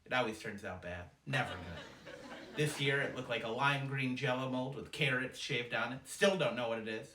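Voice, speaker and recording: A man performing a stand-up routine, telling family stories in a quick, animated way. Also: medium pitch, crowd noise. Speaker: comedian. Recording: echoey room, distant mic, noisy.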